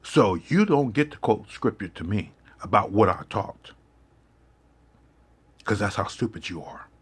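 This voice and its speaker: A man's voice: fairly low pitch, animated, measured pace, slightly rough. A man giving an impassioned, confrontational monologue, swearing heavily and lecturing his listeners. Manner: preachy, confrontational, heavy swearing.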